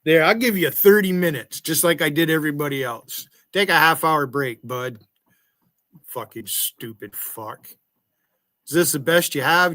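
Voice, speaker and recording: A man's voice: fairly high pitch, a bit bright, no room sound, studio quality. A man hosting his own livestream, talking crude and confrontational, swearing at chatters. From United States. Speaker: livestream host. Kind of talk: casual livestream chat.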